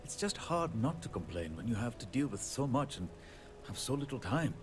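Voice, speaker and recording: A man's voice: mid-range voice, big pitch swings, normal speed, a little hiss or hum, natural voice. A man voicing a weary, self-deprecating handyman in a video game, chatty and apologetic with light laughs. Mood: rueful. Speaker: game character. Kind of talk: video game character dialogue. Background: game music.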